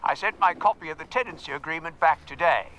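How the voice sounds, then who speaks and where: A genial older father in a radio drama. His voice sits high and sounds bright and forward. He talks in a polite, courtly way and keeps pressing his point. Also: fast, slight background noise. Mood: cheerfully insistent. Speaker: father phoning his son's household.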